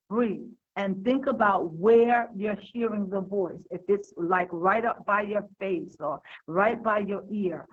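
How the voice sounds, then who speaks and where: A woman's voice: mid-range voice, highs cut off. A woman giving an unscripted talk on handling fear, hesitant and full of fillers and restarts, heard over an online call. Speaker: speaker on overcoming fear.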